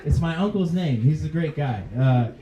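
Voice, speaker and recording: A man's voice: on the high side, lively intonation, moderate pace, background noise. A male stand-up comedian on a club stage who chats with the crowd and laughs at his own jokes. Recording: dull, roomy live club recording. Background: faint audience laughter.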